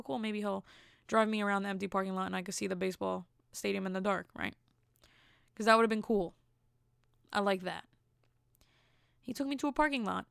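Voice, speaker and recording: A woman hosts her own podcast, telling stories in a casual solo monologue with plenty of vocal fry. She speaks bluntly and candidly, with incredulous asides. The sound is dry and close. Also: mid-range voice, a bit bright, dry recording. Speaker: podcast host.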